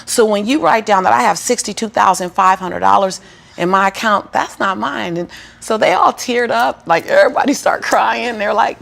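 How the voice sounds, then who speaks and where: A middle-aged woman telling her life story as a guest in an interview, animated and building to preacherly peaks. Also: mid-range voice, moderate pace, gravelly. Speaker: motivational speaker, guest.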